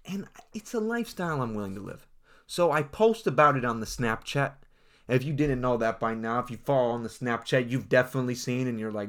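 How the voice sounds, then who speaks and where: A young man performs a comedic monologue straight to his audience, mock-serious, hyped and full of swagger. His mid-range voice is animated and a little fast.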